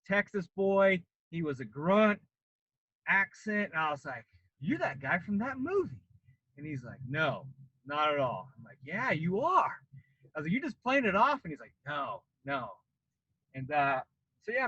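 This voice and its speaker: A man's voice: fairly high pitch, no room sound, lo-fi sound. A man in his late thirties from Colorado, a former Marine, casually telling a long story on a podcast and acting out the voices of the people in it. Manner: animated, acts out quoted voices.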